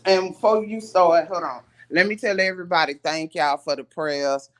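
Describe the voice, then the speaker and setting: A woman guest on a video call, telling her side of the story in casual chat, soft-spoken and laid-back. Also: on the low side, normal speed. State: hospital patient.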